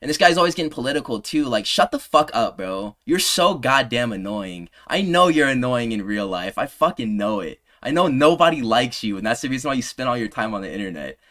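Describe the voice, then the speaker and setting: A man in his twenties ranting heatedly in a commentary video, combative and heavy on profanity, his voice sinking low on trailing asides. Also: sing-song, a little fast, hardly any pauses, fairly bright tone. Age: 20s. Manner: drops pitch on trailing "bro". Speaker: MMA commentary creator.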